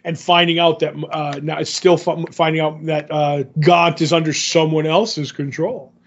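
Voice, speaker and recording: A man's voice: on the high side, steady tone, moderate pace. A man co-hosting a casual podcast, rambling through a comic recap with lots of fillers and acted-out quotes. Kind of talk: casual chat. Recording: dull lo-fi audio.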